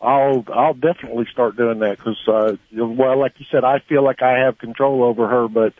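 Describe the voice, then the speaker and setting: A man's voice: mid-range voice, steady tone, normal speed, dry recording. A male caller on a radio show, earnestly describing his dog's behavior with many hesitations. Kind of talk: phone-in radio call. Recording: tinny phone line.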